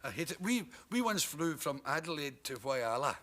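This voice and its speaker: A Scottish man, a comedian guest in his thirties, tells animated talk-show anecdotes in a TV studio and laughs through his punchlines. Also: on the high side, normal speed. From Scotland. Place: TV studio with audience.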